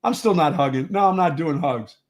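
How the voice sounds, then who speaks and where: Rambling, storytelling radio host. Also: male voice, a little high, a little fast. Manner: rambling storyteller, repeats and restarts words. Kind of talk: casual studio banter.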